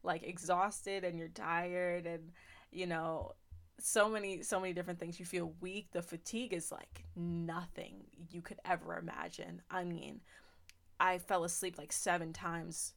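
A young woman with a slightly low voice tells her own faith testimony on a podcast. She speaks earnestly and with feeling. Her telling is loose and heartfelt, full of little fillers. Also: little pitch movement, unhurried, vocal fry, a bit bright. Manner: earnest, emotional storytelling with many fillers. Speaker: podcast host.

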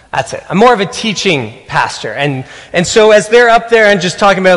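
A man preaching a sermon as a pastor, telling a personal story earnestly with halting restarts. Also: sits high, lively intonation, fairly bright tone, big-room sound.

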